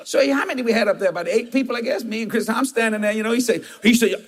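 A man's voice: high-pitched, fast talker, hardly any pauses. A man preaching a sermon as pastor, telling folksy stories with emphatic asides.

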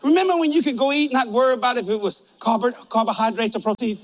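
A man's voice: extremely high pitch, fast talker. An older man preaching a humorous sermon in a folksy, joking, storytelling way.

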